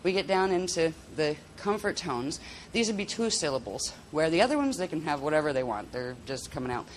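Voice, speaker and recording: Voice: medium pitch, very animated, a little fast, a little hiss or hum. A workshop instructor giving a casual spoken lesson on vocal toning, talking in a rambling, chatty way with restarts, into a handheld mic.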